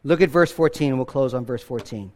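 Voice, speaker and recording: A male pastor preaching a sermon to a church congregation, emphatic, swinging between loud declarations and hushed lines, asking rhetorical questions. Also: brisk. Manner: emphatic preaching with big swings in pitch and loudness.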